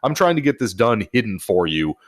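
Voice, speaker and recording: Man, animated storyteller, low voice, lively and loose, swears freely. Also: fairly quick. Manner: animated, profane, laughing storyteller. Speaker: podcast co-host, service advisor. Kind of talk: casual storytelling chat.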